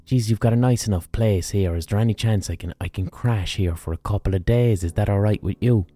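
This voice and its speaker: A man's voice: lowish voice, a little fast, mellow, no room sound, lightly acted. A man voicing a hungover old Irish drunk. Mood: weary. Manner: easygoing, swearing, casual slang.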